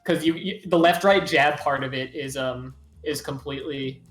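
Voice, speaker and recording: A man's voice: mid-range voice, normal speed, fairly bright tone, echoey room, soft background music. A man casually commentating a fighting game tournament, rambling with lots of fillers.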